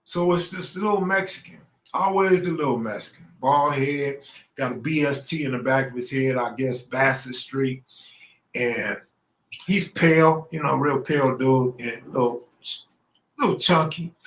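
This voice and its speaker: A man's voice: medium pitch, measured pace, a bit bright. A middle-aged man from Los Angeles telling a true story in a casual, slangy way, acting out the people he quotes. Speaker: storyteller host. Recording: roomy echo.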